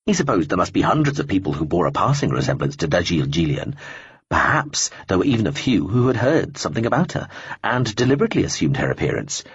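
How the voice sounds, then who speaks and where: A man reading a science-fiction audiobook in an expressive storytelling manner, in a dull lo-fi recording. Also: deep voice, fast, breathy edge, no echo. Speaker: audiobook narrator. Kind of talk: scripted narration.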